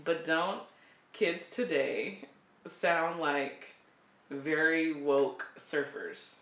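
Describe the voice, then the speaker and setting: Mom co-hosting a podcast, laughs a lot, roomy sound, sits back from the mic. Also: female voice, sits low, very slow, distant mic. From California. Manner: laughing, animated storytelling. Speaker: podcast co-host, parent. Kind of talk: casual chat. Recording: echoey room, off-mic.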